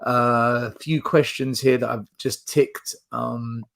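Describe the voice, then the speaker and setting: A man's voice: mid-range voice, fairly even intonation, slow pace, gravelly, a bit bright. A man hosting a casual football fan chat, reading out viewer questions in a chatty way. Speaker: podcast host.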